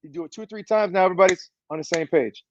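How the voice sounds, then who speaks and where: A man who works as a performance coach, talking as a guest in an energetic, motivational way over a video call. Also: high-pitched, very fast, muffled recording, a little hiss or hum. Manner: fired-up, motivational, preachy delivery. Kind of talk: energetic podcast interview talk.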